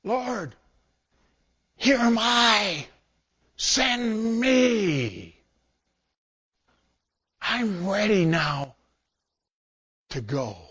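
A man voicing a humble male prophet who answers God's call in a hushed, earnest, slow way. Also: mid-range voice, husky, voice pushed down, exaggerated voice.

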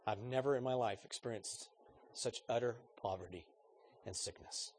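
A man's voice: medium pitch, moderate pace, darkish tone, slight background noise. A man preaching a sermon in an earnest, conversational way, putting questions straight to his congregation.

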